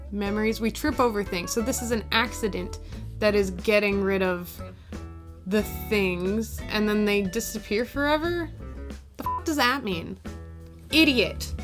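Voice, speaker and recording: A woman poet talking casually through the drafts of her own poem, chatty and quick to laugh at herself. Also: mid-range voice, fairly bright tone. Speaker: poet explaining her editing.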